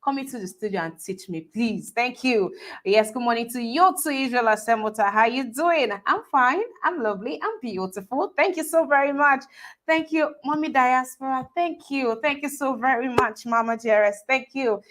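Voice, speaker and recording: A woman's voice: sits high, normal speed, a bit bright. A woman with a Nigerian accent hosting a live stream, chatting and greeting viewers by name. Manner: chatty, friendly, often laughing. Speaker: host. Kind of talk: live stream chat reading comments.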